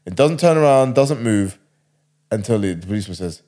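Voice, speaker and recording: A man's voice: on the low side, lively intonation, brisk, warm tone. A man casually retelling a wild story, rambling and slangy.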